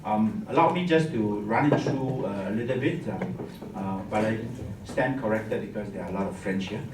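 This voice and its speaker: A man's voice: fairly low pitch, moderate pace, background noise. Joking man in an echoey room. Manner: jokey, teacherly, tags lines with "huh?". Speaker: wine masterclass presenter. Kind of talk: live masterclass talk. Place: hotel function room. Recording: echoey room, far from the mic.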